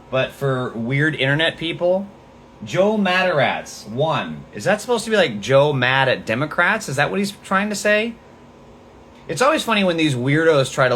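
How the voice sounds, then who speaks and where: A man's voice: medium pitch, a bit bright, slight background noise. A man hosting a political podcast livestream, talking in a profane, sarcastic, mocking way. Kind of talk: livestream commentary.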